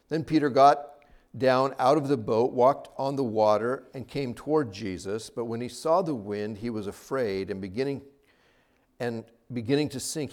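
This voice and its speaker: A man preaching a sermon as a pastor, talking with animated, rising and falling emphasis. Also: medium pitch.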